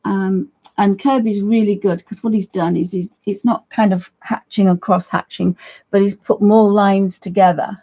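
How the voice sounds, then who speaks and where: A woman's voice: mid-range voice, fairly even intonation, normal speed, warm tone, lo-fi sound. A woman hosting a casual live painting lesson, chatting to viewers with friendly asides and frequent restarts. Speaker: art tutor, livestream host. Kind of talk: casual live craft demonstration.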